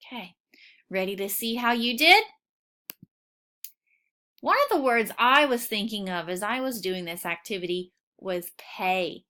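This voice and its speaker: A woman teaching a recorded phonics lesson for children, patient and encouraging, sounding out each word clearly. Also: mid-range voice, expressive, bright, forceful tone. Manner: slow, clearly sounding out words.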